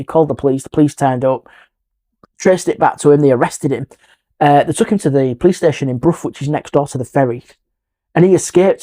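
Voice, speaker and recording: A middle-aged man, a guest historian telling a ghost story in an animated, emphatic way. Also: on the high side. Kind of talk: storytelling in a podcast interview.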